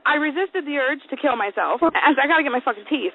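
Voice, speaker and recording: Foul-mouthed high-voiced woman storyteller. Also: fast talker, a little hiss or hum. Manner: profane, animated, dramatic. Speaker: co-host. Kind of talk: casual comedic storytelling. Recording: tinny phone-like sound.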